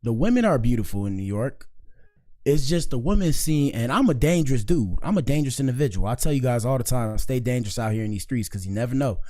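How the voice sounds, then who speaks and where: A man from Miami hosting a casual reaction show, rambling in slang and giving frequent shout-outs. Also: mid-range voice, animated, fast talker. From Miami, Florida. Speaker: commentary show host.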